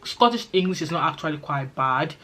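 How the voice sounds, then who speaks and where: A woman's voice: sits low, expressive, fairly quick, fairly bright tone, a little hiss or hum. A middle-aged Nigerian woman with a Nigerian accent chatting casually to her vlog viewers, reassuring and easygoing, with pidgin phrases slipping into her talk. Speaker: vlogger.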